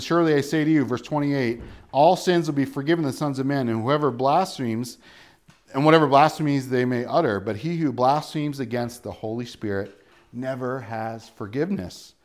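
A man preaching a sermon, asking rhetorical questions and quoting scripture, with loud emphatic bursts and quiet low asides. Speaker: pastor.

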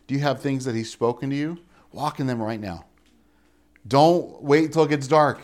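Man preaching a relaxed, jokey sermon. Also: moderate pace. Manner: conversational, jokey asides, rhetorical questions; swings between loud emphasis and quiet lows. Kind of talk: casual sermon.

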